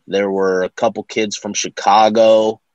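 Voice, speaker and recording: Halting low-voiced male co-host. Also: flat delivery, darkish tone, dry recording, muffled recording. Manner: halting, searches for words. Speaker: podcast co-host. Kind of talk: casual sports podcast chat.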